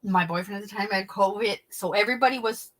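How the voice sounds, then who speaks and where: A middle-aged woman hosting a casual livestream, chatting with viewers and telling stories in an animated, blunt way with some swearing. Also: medium pitch, fast talker, rough recording. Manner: chatty, reads and answers viewer comments. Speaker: livestream host.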